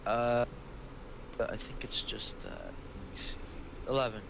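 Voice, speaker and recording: A man's voice: medium pitch, fairly even intonation, measured pace, gravelly, fairly bright tone, slight background noise. A man playing a tabletop game over a voice call, speaking hesitantly with filler sounds. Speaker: player. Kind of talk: casual play over a voice call.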